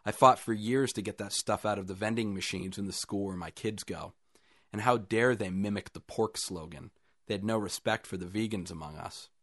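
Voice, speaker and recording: A man reading a first-person short story aloud in a calm, even storytelling manner with dry understatement. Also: on the low side, normal speed, dry recording. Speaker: story reader.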